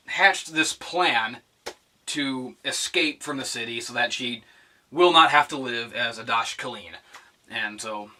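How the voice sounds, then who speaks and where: A man's voice: fairly high pitch, bright, forceful tone, distant mic. A young man ranting to camera in a profane, sarcastic vlog. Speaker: vlogger. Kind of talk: animated rant to camera.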